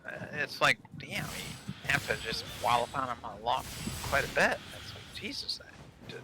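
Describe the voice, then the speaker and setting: A man's voice: mid-range voice, lively intonation, moderate pace. A man playing a game with friends, complaining casually and swearing at enemies. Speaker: co-player. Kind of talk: casual gaming chat. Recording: noisy background.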